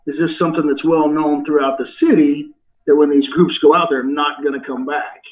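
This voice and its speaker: A man's voice: fairly high pitch, normal speed. A man player in a tabletop game, asking questions hesitantly. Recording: dull distant sound with faint guitar.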